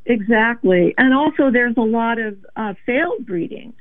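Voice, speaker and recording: A woman's voice: on the high side, expressive, no echo. Earnest woman on a tinny phone line. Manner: earnest, measured, explanatory. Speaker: animal advocate guest. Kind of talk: phone interview.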